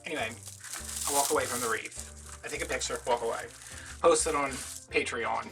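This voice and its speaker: A man's voice: mid-range voice, fairly quick, vocal fry, far from the mic, over music. A man chatting casually in a craft vlog from home, rambling and dramatically mocking himself. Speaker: craft vlogger.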